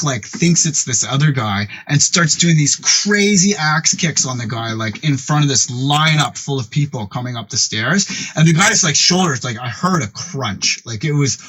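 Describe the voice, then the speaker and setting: A man's voice: medium pitch, a bit bright, a little hiss or hum, rough recording. A man in his late thirties telling a rambling, profane story as a podcast guest, full of "like.". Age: late 30s. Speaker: podcast guest, music producer and DJ. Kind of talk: casual storytelling chat.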